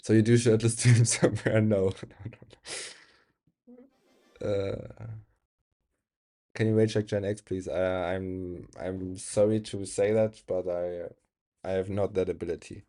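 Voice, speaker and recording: A man's voice: deep voice, level tone, a little slow, pauses often, warm tone. A young man with a German accent, a non-native speaker, chatting casually on a live game stream, reading chat aloud and laughing often.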